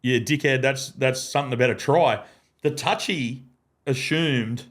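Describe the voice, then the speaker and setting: An Australian man chats in a podcast studio, spinning a sweary story and slipping into the voices of the people in it. He is a guest and a former ground announcer, and he speaks at an ordinary pitch for a man. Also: measured pace, fairly bright tone. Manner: swears freely and acts out other people's lines in his anecdotes. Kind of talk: casual storytelling chat.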